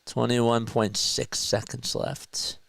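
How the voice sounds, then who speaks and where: A man with a South Jersey accent calling a basketball game as a casual live-stream play-by-play commentator, chatty and quick to correct himself. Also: medium pitch, little pitch movement, creaky, fairly bright tone, no echo. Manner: chatty, laughs easily, corrects himself mid-call.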